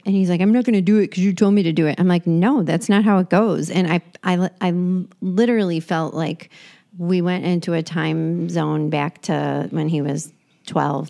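A woman's voice: lowish voice, gravelly, warm tone. A woman in her forties co-hosting a casual chat show, telling rambling stories full of restarts. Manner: rambling storyteller with frequent restarts. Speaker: podcast co-host.

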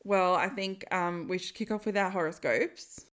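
A woman's voice: fairly low pitch, moderate pace. A young woman hosting a podcast, chatting casually with a friend, laughing often and filling with um. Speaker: podcast host.

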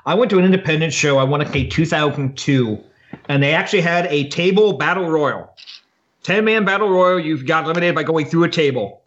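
A man's voice: a little high, a little fast, fairly bright tone, highs cut off. A man co-hosting a podcast, recapping wrestling matches in casual chat with an exasperated, profane edge. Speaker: podcast co-host.

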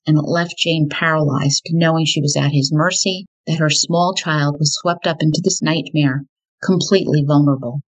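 A woman hosting a podcast, telling a true crime story in a measured, deliberate way. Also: low-pitched, poor audio. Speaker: podcast host.

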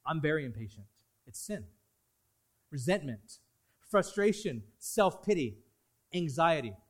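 A man with a notably high voice preaches from the pulpit. His delivery is dynamic, leaning in hard on key lines and then falling to a soft, confiding hush. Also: big pitch swings, unhurried, husky. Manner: dynamic preaching, swinging between loud emphasis and hushed asides. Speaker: pastor. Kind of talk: sermon.

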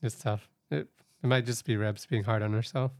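A man co-hosting a casual recap podcast, chatty and quick to laugh. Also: on the low side, darkish tone. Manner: chatty, laughs easily, speaks animatedly. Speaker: podcast co-host.

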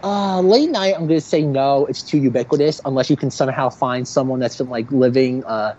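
A man co-hosting a movie podcast, laid-back and filling pauses with um and uh. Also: mid-range voice, a little mellow, dull audio. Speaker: podcast co-host. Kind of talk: casual movie podcast chat.

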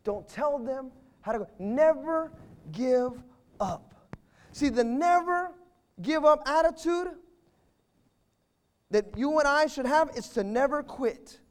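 A man preaching a sermon to fathers, emphatic, with sudden swings between loud declarations and quiet asides. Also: very high voice, expressive, slow pace, long pauses.

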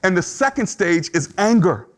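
A middle-aged male pastor delivering a sermon with a voice pitched a little above the usual for a man. He speaks in an earnest, conversational way and slips into short acted-out quotes to make his points. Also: sing-song, normal speed.

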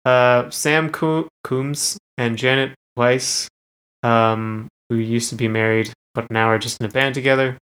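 A man's voice: mid-range voice, steady tone, a little slow, fairly bright tone, clean tone. Easygoing man sharing music trivia. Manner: easygoing, hesitant, with frequent ums and laughs. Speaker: podcast co-host. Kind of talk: casual music discussion.

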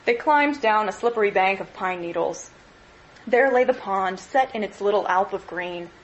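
A woman lecturer reading a novel aloud in an expressive, measured way. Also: mid-range voice, dull audio, a little hiss or hum.

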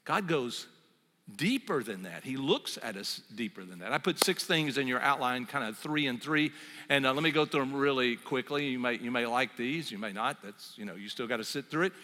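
A man's voice: medium pitch, expressive, normal speed, sharp tone, in a large hall. A man preaching a sermon as pastor, talking conversationally, telling stories with asides and fillers.

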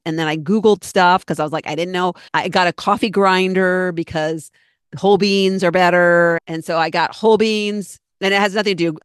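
A middle-aged woman with a lowish, clean-toned voice hosts her own podcast, recorded with clean studio sound and no echo. Talking solo in a casual way, she chats and rambles earnestly, acting out her own thoughts.

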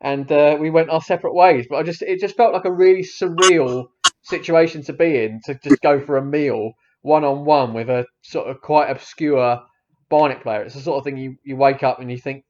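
A man's voice: a little high, moderate pace, darkish tone. Male co-host, thirties, rambling and hesitant, slightly muffled recording. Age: 30s. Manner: hesitant, rambling, lots of fillers and restarts. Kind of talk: casual storytelling chat.

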